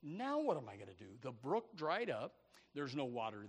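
A man preaching a sermon in an animated, stammering way, repeating words and acting out Bible characters. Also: medium pitch, moderate pace, breathy edge. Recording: echoey hall.

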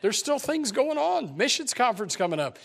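A man preaching a sermon in a church, emphatic, swinging between loud and quiet. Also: very high voice, sing-song, normal speed, gravelly. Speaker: pastor. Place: church sanctuary.

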